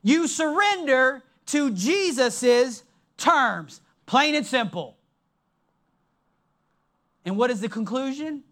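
A preacher giving a sermon in an emphatic, deliberate way, dropping his voice low to stress points. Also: expressive, fairly bright tone.

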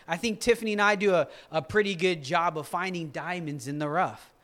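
A man preaching a conversational sermon, his voice a touch high and very bright. He jokes freely and often restarts his sentences mid-thought. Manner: joking, with frequent restarts. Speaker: pastor.

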